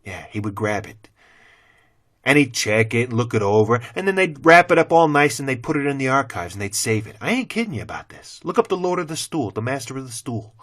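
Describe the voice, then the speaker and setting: A middle-aged man, a former teacher, delivering a blunt, profane opinion rant to the camera with heavy cursing and sudden loud swings into mockery. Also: medium pitch, very animated, a little fast. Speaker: former teacher turned channel host.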